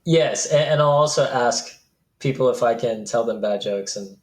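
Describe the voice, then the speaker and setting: Hesitant man in an echoey room. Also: mid-range voice. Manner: hesitant, halting, with restarts. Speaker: coaching client and guest. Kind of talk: interview conversation.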